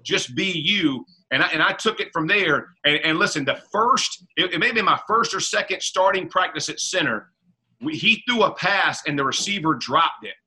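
High, bright, husky-voiced man telling stories. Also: brisk. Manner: animated, colloquial, repeats words, laughs often. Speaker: former pro football center, guest. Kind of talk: casual storytelling interview.

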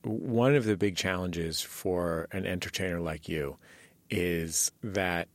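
A male host interviewing a guest, asking long, measured questions with some hesitant ums. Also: sits low, no echo.

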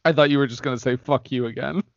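A man's voice: medium pitch, fairly even intonation, quick pace, gravelly, no echo, dull audio. A man co-hosting a podcast, introducing the show with playful, jokey banter. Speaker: podcast co-host. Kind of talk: casual comedic chat.

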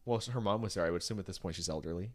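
A man's voice: sits low, rapid-fire. A man co-hosting a casual celebrity news podcast, asking incredulous, sarcastic questions and reading news excerpts aloud with asides. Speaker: podcast co-host.

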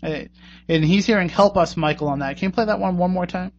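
Man, radio host, slightly high voice, casual joking chat, muffled lo-fi sound. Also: quick pace, a little mellow, a little hiss or hum. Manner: chatty, joking, conversational. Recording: dull lo-fi radio recording.

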